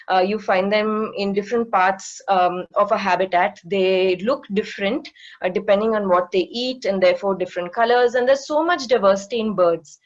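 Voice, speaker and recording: A woman's voice: mid-range voice, lo-fi sound. A woman in her thirties, a marine educator giving an online talk with slides, explaining things patiently with many fillers. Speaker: guest speaker, marine educator.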